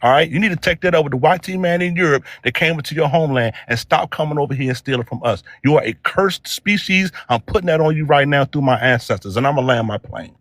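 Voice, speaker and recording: A man's voice: fairly high pitch, fast, few pauses, no echo, clean studio sound. A man from the United States in a heated debate, delivering a profane, scornful tirade full of slang and repetition. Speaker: debate panelist.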